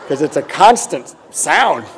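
A man's voice: fairly high pitch, sing-song, unhurried, a little hiss or hum. A middle-aged man telling his recovery story with humor, candid and self-deprecating. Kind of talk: personal testimony with humor.

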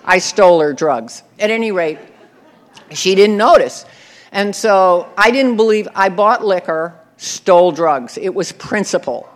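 A woman's voice: medium pitch, lively intonation, measured pace, some chatter behind. Wry, laughing woman telling her story. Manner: wry, self-mocking, often laughing. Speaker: speaker sharing her recovery story. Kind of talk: personal storytelling talk.

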